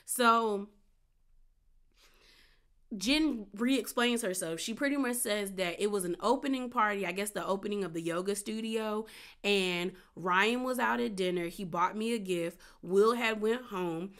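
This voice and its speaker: A woman's voice: mid-range voice, a little slow, fairly bright tone. A woman giving a casual, sassy recap of a reality show, chatty and playful. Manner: chatty and sassy, acts out quotes with gasps and laughs.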